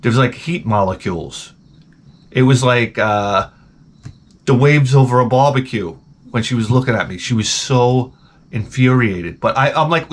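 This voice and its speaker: A man's voice: medium pitch, normal speed. A middle-aged man ranting profanely and animatedly as he tells a comedic story to his camera at home. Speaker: vlogger.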